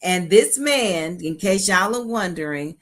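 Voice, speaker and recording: A woman co-hosting a live show, commenting with deliberate emphasis and casual slang. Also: fairly low pitch, expressive, a bit bright. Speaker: co-host.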